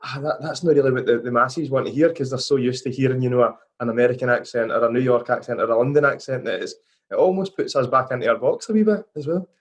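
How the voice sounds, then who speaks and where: Fast-talking Scottish podcast host. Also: male voice, medium pitch. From Scotland. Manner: chatty, eager questions. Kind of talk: podcast interview.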